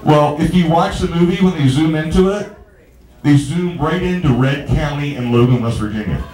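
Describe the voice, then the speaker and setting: A man's voice: fairly high pitch, moderate pace, darkish tone. A man doing a stand-up comedy set in a small bar, telling rambling, stammering stories and bantering with the crowd. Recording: echoey bar room.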